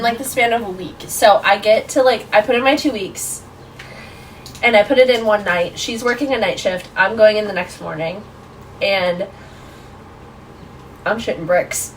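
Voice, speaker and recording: A woman in her twenties, a podcast guest, telling a story in a casual, animated way, full of "like". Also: medium pitch, normal speed, distant mic, slight background noise, poor audio. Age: 20s. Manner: animated, lots of fillers like "like".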